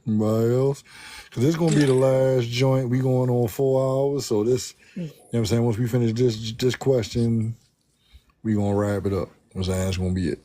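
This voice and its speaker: Relaxed slangy male host, dry sound. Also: mid-range voice, a little fast, no room sound. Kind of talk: casual chat.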